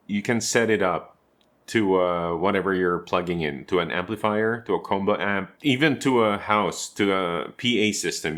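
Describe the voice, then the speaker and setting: A man's voice: deep voice, a bit bright. A man giving a casual guitar tutorial from his home room, explaining step by step with chatty asides to the viewer. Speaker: guitarist and teacher.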